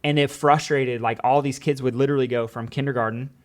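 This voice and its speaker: An earnest man talking casually on a podcast, a former teacher with a mid-pitched voice. He tells stories through lots of quoted dialogue and scattered "like"s. He keeps an easy, conversational flow. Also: fairly even intonation, quick pace.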